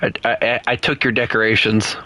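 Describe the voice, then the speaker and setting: A man's voice: fairly low pitch, level tone, fairly quick, sharp tone. A man with a Southern US accent giving goofy, playful commentary while streaming a game. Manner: goofy, laughing, playful reactions. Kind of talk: casual gameplay commentary.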